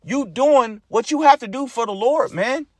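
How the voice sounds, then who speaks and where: A man's voice: very high-pitched, moderate pace, dry recording. Blunt, profane preacher man. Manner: blunt and profane, repeats lines, ends phrases with "man". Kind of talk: informal sermon to followers.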